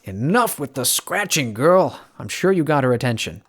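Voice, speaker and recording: Man voicing a steady middle-aged father. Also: medium pitch, normal speed, husky. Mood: coaxing.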